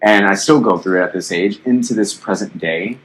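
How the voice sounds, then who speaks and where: A man's voice: fairly low pitch, a little fast, a bit bright, a little hiss or hum, low-quality recording. A young man in his twenties hosting a casual podcast, rambling bluntly with lots of swearing and fillers; his voice sounds youthful. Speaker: podcast host.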